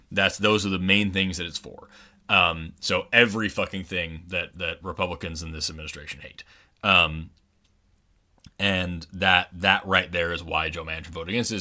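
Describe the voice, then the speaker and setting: A man's voice: deep voice, bright, forceful tone. A young man from Oklahoma co-hosting a podcast, ranting angrily and swearing a lot in casual chat. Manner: angry, profane ranting. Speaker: podcast co-host.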